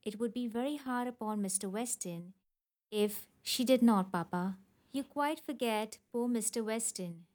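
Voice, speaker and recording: Sensible young heroine, firm but gentle, as a woman reads her. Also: fairly high pitch, measured pace, close to an everyday voice. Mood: earnest.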